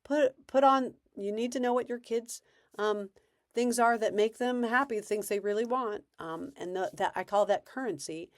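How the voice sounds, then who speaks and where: A woman's voice: a little high, moderate pace, dry recording, clean studio sound. A woman parenting coach giving casual advice in a conversational way, acting out bits of parent and child dialogue.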